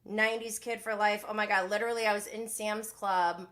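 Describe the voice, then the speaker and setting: A woman hosting a casual live recap show, chatting in an animated, gossipy way and reading viewer comments aloud. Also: medium pitch, fairly quick. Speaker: podcast host.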